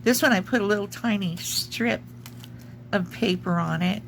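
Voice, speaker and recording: At a moderate pace, a hiccuping junk journal crafter shows her craft work in a casual show-and-tell. Her voice is medium-pitched with vocal fry, she rambles and gropes for words with plenty of ums, and the recording has a little hiss or hum.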